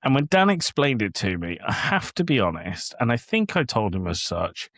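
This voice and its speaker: A man's voice: on the low side, normal speed, gravelly, no echo, studio quality. A man from England, a podcast host with a young child, telling stories in casual chat and acting out the quotes. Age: adult with a young child. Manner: animated storyteller, acts out quotes.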